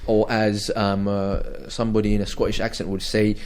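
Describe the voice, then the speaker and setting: A man hosting a casual current affairs radio talk show, animated and joking, with many fillers and restarts. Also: fairly low pitch, a little fast. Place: radio studio.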